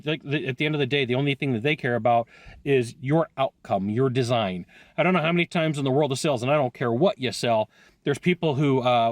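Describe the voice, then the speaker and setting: A man talking casually to camera as a sales coach, animated and quick, laughing often and breaking into asides. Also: a little high, no echo. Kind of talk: casual video talk to camera. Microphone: headphones on, recorded live.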